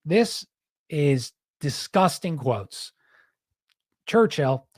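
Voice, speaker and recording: A man's voice: mid-range voice, animated, measured pace, no echo, studio quality. A man hosting a podcast, talking in a rambling, heated, casual way and often saying "dude". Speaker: podcast host.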